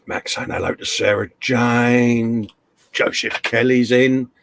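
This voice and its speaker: A man's voice: mid-range voice, steady tone, slow, vocal fry, slight background noise. Chatty man hosting a live stream. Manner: chatty, jokey, greets viewers by name. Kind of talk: casual chat reading out viewer comments.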